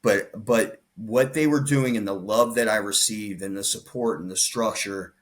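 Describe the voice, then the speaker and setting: A man's voice: fairly low pitch, normal speed. A man, a podcast guest, telling his story in casual conversation, acting out the lines of the people in it. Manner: animated retelling, acts out quoted dialogue, frequent restarts.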